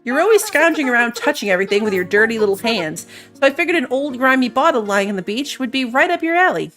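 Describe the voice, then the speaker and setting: A woman's voice: a little high, expressive, quick pace, a bit bright, faint music behind. A woman reading a snarky, sneering island guide. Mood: snide. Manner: sarcastic and dismissive.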